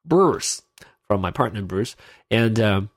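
A man's voice: lowish voice, lively intonation, slow, no echo, studio quality. A man hosting his own podcast in casual solo talk, his nose stuffed up, rambling and often losing his train of thought. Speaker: podcast host. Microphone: in-ear headphones with mic.

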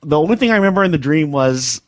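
A man on a podcast call as a guest, relaxed and easygoing. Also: fairly high pitch, quick pace, no echo. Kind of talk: casual chat.

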